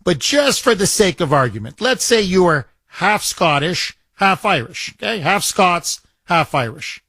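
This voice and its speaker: A man hosting a call-in talk radio show from the studio, his voice sitting a little high. He talks emphatically, hammering points with repeated lines and rhetorical questions. The sound is close and dry. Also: big pitch swings, unhurried, bright, forceful tone, dry recording. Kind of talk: talk radio, taking calls.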